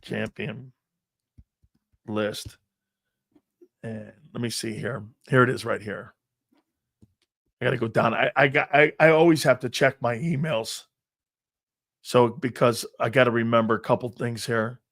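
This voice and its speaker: A man hosting a sports talk show, rambling through stories and growing animated as he reads out a list. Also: mid-range voice, measured pace, vocal fry, pauses often. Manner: rambling storyteller, animated when reading a list. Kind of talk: casual sports talk monologue.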